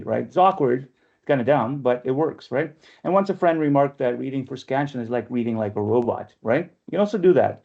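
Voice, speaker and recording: A man's voice: medium pitch, fairly quick, vocal fry, darkish tone, dull audio. A man leading an online poetry workshop, talking in a chatty way and often checking in with "right?", heard over a video call. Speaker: workshop leader and press editor.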